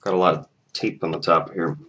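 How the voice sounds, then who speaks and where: A young man with a lowish voice chats casually to his camera in a vlog. He rambles and restarts his sentences, and his retelling is lively and loose. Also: fairly quick, slight background noise. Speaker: vlogger.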